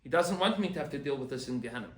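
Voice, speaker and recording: A man, a rabbi, giving an animated Torah class and acting out quoted complaints. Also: mid-range voice, racing, echoey room.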